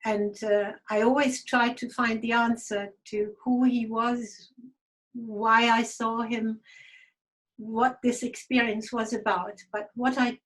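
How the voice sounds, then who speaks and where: A woman giving a halting, reflective personal spiritual testimony, audibly emotional. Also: a little high, level tone, fairly bright tone, low-quality recording. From Germany. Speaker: guest speaker.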